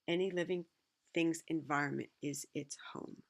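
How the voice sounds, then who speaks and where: A woman's voice: low-pitched, fairly even intonation, normal speed. A middle-aged woman reading a children's picture book aloud, stopping often for chatty asides of her own. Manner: chatty asides between read passages. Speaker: reader.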